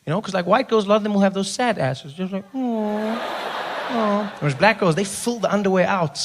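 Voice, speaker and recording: High-voiced South African comic, noisy room. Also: male voice, quick pace. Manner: animated, teasing, talks to a crowd member by name. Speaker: stand-up comedian. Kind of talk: stand-up comedy routine.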